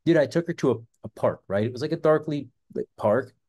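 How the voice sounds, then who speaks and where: A man's voice: medium pitch, quick pace, a little mellow. A man hosting a self-defense channel, talking in a rambling, casual monologue full of fillers and swearing. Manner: rambling, profane, filler-heavy.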